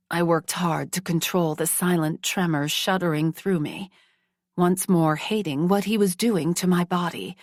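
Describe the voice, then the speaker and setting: A woman narrating a first-person romance audiobook in a slow, hushed, measured reading. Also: on the low side, dry recording, studio quality.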